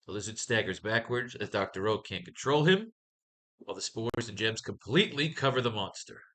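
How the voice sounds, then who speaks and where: A man with a lowish, bright voice teaches comic scripting in a loose, unpolished way. He mutters lines of dialogue under his breath to test them, then jumps back up to explain. Swearing comes easily to him. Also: expressive, fairly quick. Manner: casual and profane, muttering script lines to himself. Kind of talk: casual live writing class, thinking aloud.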